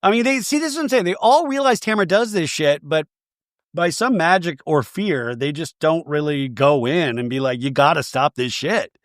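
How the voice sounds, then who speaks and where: A man hosting a podcast, giving a comedic, profane recap of a reality show in an animated way. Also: on the high side, normal speed, dry recording, studio quality. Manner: animated, profane, quotes cast members. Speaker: podcast host.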